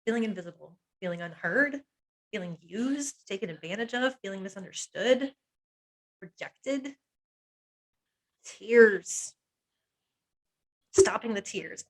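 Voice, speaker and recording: This woman hypnotherapist has a mid-range voice with lively intonation, speaking slowly and pausing often in a rough recording. Her masterclass on emotional pain is earnest and personal, drawing on her own life as she names painful feelings one at a time in short, weighted phrases, with little laughs in between.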